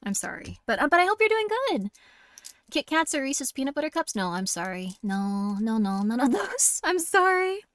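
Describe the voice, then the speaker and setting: A woman's voice: high-pitched, sing-song, normal speed, a bit bright. Bubbly, giggly young woman streamer. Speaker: horror game streamer. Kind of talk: casual live-stream chat.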